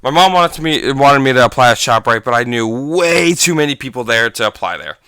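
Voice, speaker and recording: A man's voice: mid-range voice, lively intonation, brisk, bright, forceful tone, clean tone, no room sound. A teenage boy casually telling a long story, rambling and correcting himself as he goes. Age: teens. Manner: rambling, self-correcting, chatty. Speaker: gaming channel vlogger.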